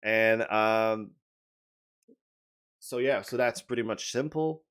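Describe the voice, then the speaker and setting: A man's voice: lowish voice, takes it slowly, a bit bright, smooth. A man with a French accent, a game designer giving a casual update video, talking hesitantly with many fillers and restarts.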